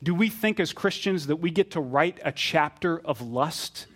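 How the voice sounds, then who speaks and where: A middle-aged pastor preaching a sermon in an earnest manner that builds to fervent emphasis. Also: male voice, on the high side, expressive, normal speed.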